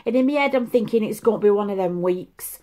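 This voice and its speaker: A woman's voice: medium pitch, fast, warm tone. A woman in her fifties chatting at home in a make-up vlog, rambling and confiding. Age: 50s. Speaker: make-up vlogger. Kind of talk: casual chat. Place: at home, seated.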